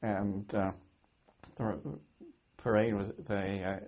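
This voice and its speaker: An older man from Britain, a war veteran, recalling his service in an oral history interview, speaking haltingly with many restarts and repeated words. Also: lowish voice, level tone. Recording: dull lo-fi archive recording.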